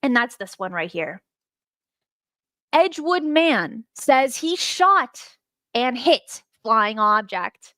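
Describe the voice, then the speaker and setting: A woman hosting a live stream, chatting excitedly and talking straight to her viewers as she walks through an old case. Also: fairly high pitch, takes it slowly, no room sound. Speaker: host.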